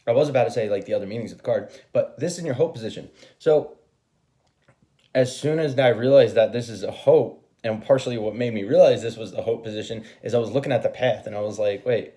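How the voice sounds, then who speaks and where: A man's voice: mid-range voice, fast, mellow. A man giving a casual tarot reading, chatty and rambling, swearing freely and laughing at himself. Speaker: tarot reader.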